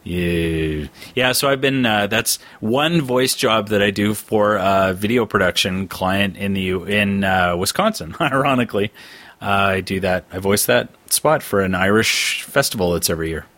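A man's voice: lowish voice, normal speed, a bit bright, dry recording. A man co-hosting a casual podcast, talking in a playful, jokey, rambling way. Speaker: podcast co-host. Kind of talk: casual chat.

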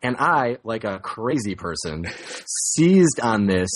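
A man's voice: on the low side, big pitch swings, takes it slowly. A man telling a long, rambling story on a podcast, casual and self-mocking, laughing at himself often. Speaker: podcast co-host.

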